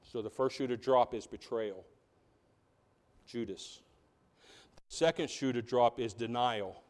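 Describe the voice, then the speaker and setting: A man preaching a sermon as pastor, animated and conversational, often asking the congregation questions. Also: mid-range voice, a little slow.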